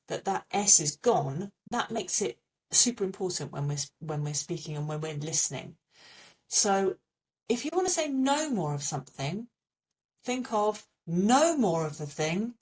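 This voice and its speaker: A woman's voice: fairly low pitch, a little mellow, far from the mic. A woman with an English accent teaching a French pronunciation lesson, patiently repeating little memory tips.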